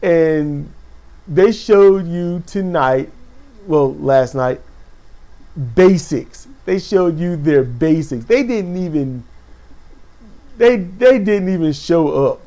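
Animated man recapping, gravelly voice. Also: slow pace, long pauses. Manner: animated, acts out quotes with sudden high exclamations. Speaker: wrestling show recap host. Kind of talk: casual spoken recap.

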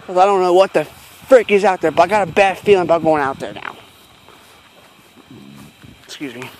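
A man's voice: sits high, lively intonation, normal speed, slight background noise. Frightened, swearing man outdoors. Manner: heavy swearing, nervous self-talk. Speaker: vlogger filming himself. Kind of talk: handheld night-walk vlog. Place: outdoors in rural fields at night.

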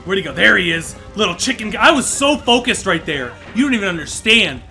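An excitable man commentates his own gameplay, his high voice swooping all over the place. He is bright and forceful, bursting into yelps and groans. Faint game music plays underneath. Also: a little fast, hardly any pauses. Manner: excitable, loud exclamations and groans. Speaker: let's play host.

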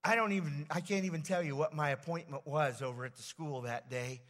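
A man preaches from a church sanctuary, telling a personal story with plenty of fillers and restarts. His voice sits a little high, and it trails off into a long reverb from the hall around him. The delivery is loose and conversational rather than polished. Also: a bit bright. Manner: halting, rambling storyteller with many fillers and restarts. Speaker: pastor. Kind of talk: storytelling sermon.

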